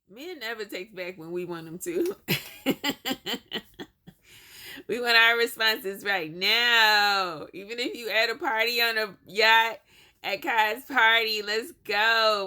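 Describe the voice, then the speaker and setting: A woman adds playful voice-over commentary, teasing the people on screen. Her voice is bright and a little high. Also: slow pace.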